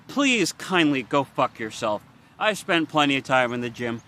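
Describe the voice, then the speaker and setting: A man's voice: mid-range voice, animated, normal speed, pushed and bright. A young man venting in a confessional vlog, frustrated, weary and swearing bluntly as he talks. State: weary and worn out. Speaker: vlogger.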